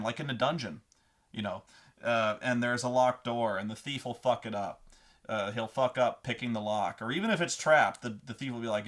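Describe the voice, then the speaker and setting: Brash, bright-voiced man ranting about role-playing. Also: mid-range voice. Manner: rambling and profane, acting out quick character voices. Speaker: host of a tabletop gaming advice show. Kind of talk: casual monologue on tabletop role-playing.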